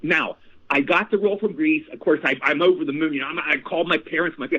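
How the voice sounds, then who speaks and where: A man in his sixties, an actor guest telling stories in a casual interview, animated and repeating phrases. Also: fairly high pitch, quick pace. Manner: animated, repeats phrases, addresses host by name. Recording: tinny phone line.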